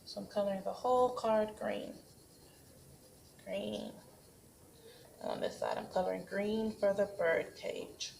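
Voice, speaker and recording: A woman's voice: medium pitch, vocal fry, darkish tone, a little hiss or hum. Patient woman teaching a toddler craft. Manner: patient, slow and encouraging, models sing-song animal sounds for toddlers. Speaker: preschool teacher. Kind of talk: craft demonstration and parenting tips. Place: home.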